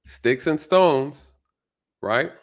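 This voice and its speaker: A man's voice: fairly high pitch, very slow. A male channel host giving a casual, reflective commentary monologue, often repeating his phrases and checking in with "right?".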